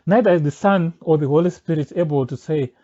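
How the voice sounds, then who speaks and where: A man's voice: a little high, brisk, mellow. A man making an insistent, step-by-step spoken rebuttal of a pastor's teaching. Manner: argumentative and insistent, presses points step by step. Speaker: religious commentator. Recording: dull lo-fi recording.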